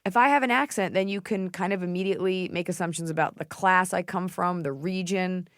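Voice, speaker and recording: Woman host, casual comic chat, slightly low voice, dry close-miked studio. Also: a little fast, dry recording. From United States. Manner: playful, puts on accents mid-sentence. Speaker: podcast host.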